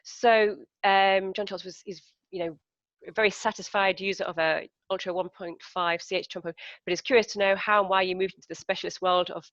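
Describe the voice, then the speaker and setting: A woman's voice: medium pitch, steady tone, a little fast, a bit bright, no echo. Woman, interviewer, friendly, reads questions, dry, muffled video-call sound. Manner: friendly, reading out viewer questions with fillers. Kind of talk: live Q&A interview.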